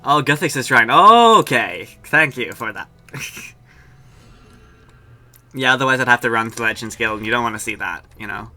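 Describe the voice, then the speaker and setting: Young guy streaming, very bright voice, jokey and chatty, faint game music behind. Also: lowish voice, fairly even intonation, normal speed, pauses often. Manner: chatty, jokey, talks to chat. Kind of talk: casual gameplay commentary.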